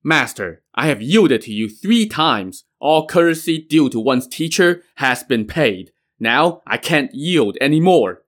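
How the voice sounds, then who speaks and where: A man's voice: medium pitch, expressive, moderate pace, fairly bright tone, close to an everyday voice. A man voicing a young male prince who pleads respectfully but firmly with his master. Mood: stern.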